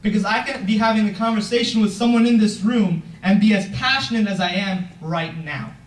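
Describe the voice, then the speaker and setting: Teen boy, earnest motivational speaker, high voice, mic far off in a reverberant room. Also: a little fast. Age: teens. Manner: earnest, emphatic, asks the audience questions. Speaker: youth founder giving a talk. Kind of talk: motivational speech. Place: event room, heard from a distance.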